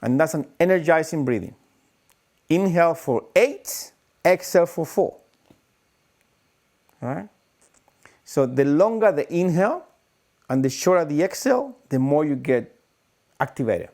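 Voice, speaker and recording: Male breathwork teacher, live stream, animated, slightly higher voice, demonstrates breathing with sighs. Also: unhurried, pauses often.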